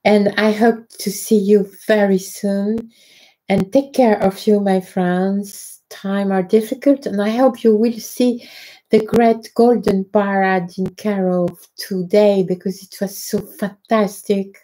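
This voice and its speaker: A woman with a French accent hosting a live stream, talking in a halting way with many fillers and greeting viewers by name. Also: medium pitch, steady tone, mellow. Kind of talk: casual live-stream talk.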